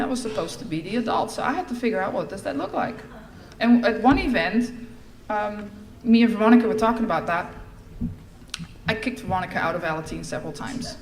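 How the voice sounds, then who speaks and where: A middle-aged woman giving a personal testimony at a recovery fellowship event, telling her story in a lively way and acting out the lines she quotes. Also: mid-range voice. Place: large event hall. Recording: echoey hall with faint ambience.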